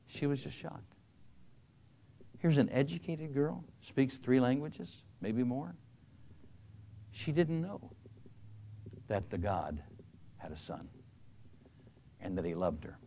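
A man's voice: medium pitch, dark tone, slight background noise. An older man, a retired pastor, telling a story in a sermon, earnest and emphatic with frequent restarts.

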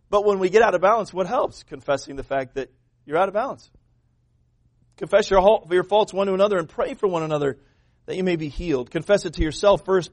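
A pastor preaches in a folksy, conversational way, turning to the congregation with questions. His voice sits high for a man, and his intensity swells and drops through the sermon. The recording is dry and close. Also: dry recording.

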